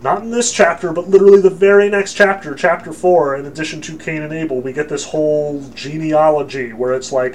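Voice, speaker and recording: A man's voice: a little high, fairly even intonation, brisk, hardly any pauses, slight background noise. A man lecturing on scripture in a casual, emphatic, joking way with frequent fillers. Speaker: religion lecturer.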